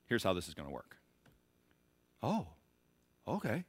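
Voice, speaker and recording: A man preaching a sermon as pastor, emphatic and repetitive, rising to shouted bursts. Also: on the low side, wildly swooping pitch, a little slow, husky, no echo.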